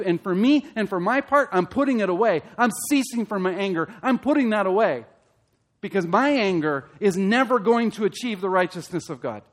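A man preaching a sermon as pastor, asking the congregation direct questions and building to loud, emphatic peaks. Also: sits high.

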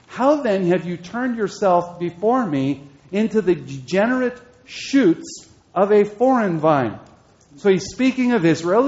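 A man preaching an expository sermon, slowing down and repeating key phrases for emphasis. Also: fairly high pitch, darkish tone. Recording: dull lo-fi sermon recording.

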